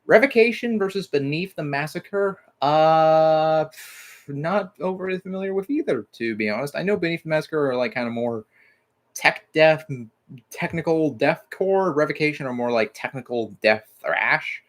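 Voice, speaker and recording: A man's voice: on the high side, expressive, moderate pace. A man from Mississippi hosting a casual livestream, rambling with lots of "like" fillers and casual swearing. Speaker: livestream host.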